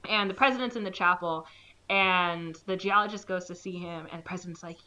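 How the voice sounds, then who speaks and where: A woman co-hosting a podcast speaks a little fast as she recaps a film in casual conversation, performing the characters' lines with leaps in pitch and frequent "like" fillers. The recording sounds muffled.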